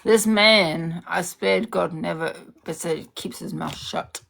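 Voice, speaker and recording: Gravelly woman ranting heatedly. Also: fairly low pitch, takes it slowly, a bit bright, a little hiss or hum. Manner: heated, confrontational, repeats herself. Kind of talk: heated social media rant.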